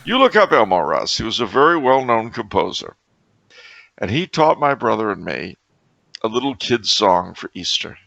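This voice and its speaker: A man co-hosting a podcast, telling absurd stories with deadpan, mock-logical seriousness in casual comedic chat. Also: lowish voice, normal speed, creaky, no room sound, lo-fi sound. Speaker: podcast co-host.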